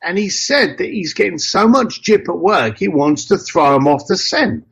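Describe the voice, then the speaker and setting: A man telling anecdotes in an interview, acting out dialogue in a lively way with casual slang and mild swearing. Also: high-pitched, normal speed, vocal fry. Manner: lively, acts out both sides of dialogues. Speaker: interview guest. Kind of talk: anecdotal storytelling.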